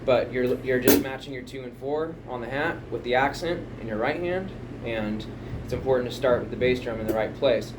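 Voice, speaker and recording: A man's voice: medium pitch, fairly quick, hardly any pauses, very noisy. A man casually explaining a drum pattern, rambling and chatty, counting beats aloud at home. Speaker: drum teacher. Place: home music room. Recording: home room, mic picking up loud drum kit from a distance.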